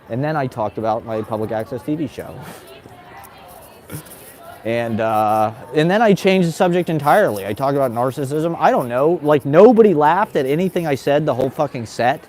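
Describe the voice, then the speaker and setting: A man's voice: medium pitch, lively intonation, a little fast, darkish tone. Ranting, profane man with nervous laughs. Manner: agitated, profane, laughs between rants. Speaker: stand-up comedian. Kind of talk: casual ranting monologue.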